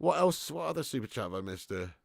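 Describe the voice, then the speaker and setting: A man's voice: mid-range voice, fast, creaky, dry recording, clean studio sound. A young man hosting a live football watch-along, commenting on the match, reading out viewers' messages and swearing freely. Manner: excitable, swears, reads viewer messages aloud.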